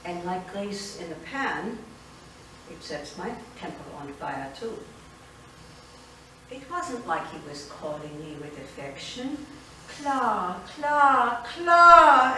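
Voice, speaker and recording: An older immigrant grandmother recounts her life in a lively, expressive monologue, as a woman plays her on stage. The voice sits fairly high and bright, with a very animated rise and fall. It is heard from a distance in a strongly reverberant theater with faint room noise. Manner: expressive storytelling, switching between wistful and fiery. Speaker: solo stage performer.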